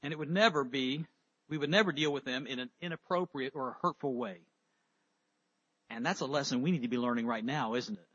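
A man's voice: medium pitch, a little fast, a bit bright, breathy edge, highs cut off. A man preaching a sermon, reading scripture aloud and then explaining it with rhetorical questions.

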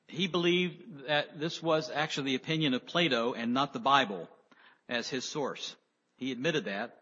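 A man giving a sermon, reading scripture slowly with emphasis and then explaining it in a conversational way. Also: a little high, sharp tone, husky. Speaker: preacher. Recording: dull lo-fi audio with long hall reverb.

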